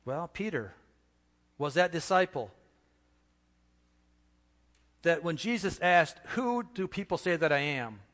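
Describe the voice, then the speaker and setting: A man preaching a sermon as pastor, earnest, with slow emphatic pauses and repeated phrases. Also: fairly high pitch, lively intonation, fairly bright tone, in a large hall.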